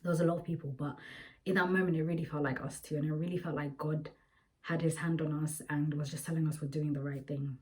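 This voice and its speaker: A woman's voice: low-pitched, steady tone, fast, warm tone, rough recording. A young woman telling a personal story to her viewers in a chatty, rambling vlog style, full of fillers. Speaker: vlogger. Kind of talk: casual storytelling to camera.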